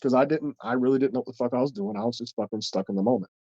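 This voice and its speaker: Man, podcast host, casual storytelling, rambling and profane, mellow low-toned voice, slightly muffled audio. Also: very fast, no room sound. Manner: blunt, heavy swearing, rambling.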